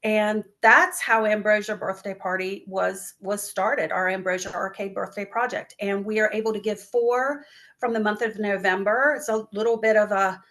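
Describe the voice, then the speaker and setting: A woman's voice: mid-range voice, steady tone, normal speed, fairly bright tone. A woman who founded a relief charity, answering interview questions in an earnest, heartfelt way and acting out the words of people she quotes. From northwest North Carolina. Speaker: guest, business owner and charity founder. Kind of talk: interview answers, personal storytelling.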